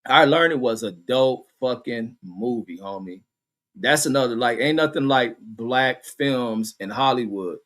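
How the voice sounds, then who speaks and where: A man's voice: medium pitch, a little slow, fairly bright tone. A man hosting a vlog who tells stories and reads out chat in a rambling, blunt way, with heavy swearing. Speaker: vlogger host reading chat. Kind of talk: casual profane storytelling rant.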